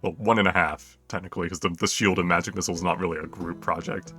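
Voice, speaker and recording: A man narrating a tabletop game as game master, in a relaxed, rambling way with fillers. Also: low-pitched, fast, faint music behind.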